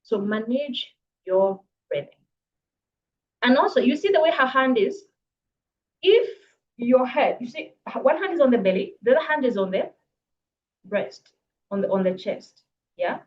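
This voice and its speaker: A woman coaching public speaking in a live online workshop, brisk and encouraging, reading viewers' comments aloud. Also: on the high side, lively intonation, highs cut off. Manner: brisk, encouraging, reads chat comments aloud, laughs often. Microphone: video call.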